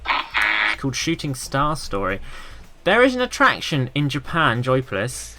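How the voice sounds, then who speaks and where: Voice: medium pitch, big pitch swings, measured pace, bright, forceful tone. Playful, teasing podcast quiz host. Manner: playful, teasing, laughing often.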